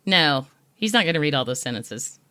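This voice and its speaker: A woman co-hosting a podcast in casual chat, telling stories in an animated, indignant way. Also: low voice, a little fast. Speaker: podcast co-host.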